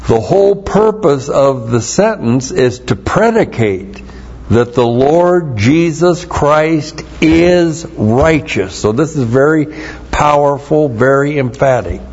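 Slow, deliberate preacher man, lo-fi. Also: fairly high pitch, expressive, darkish tone, slight background noise. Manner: slow, deliberate, spells out Greek words letter by letter. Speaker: pastor. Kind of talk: expository Bible teaching sermon. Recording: dull lo-fi sermon recording.

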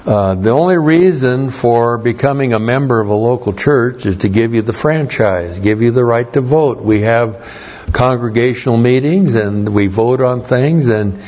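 A male pastor delivers a sermon in a plain-spoken, conversational manner. His voice is somewhat husky, and the recording sounds dull and lo-fi. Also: medium pitch, normal speed, darkish tone. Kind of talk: sermon with anecdotes.

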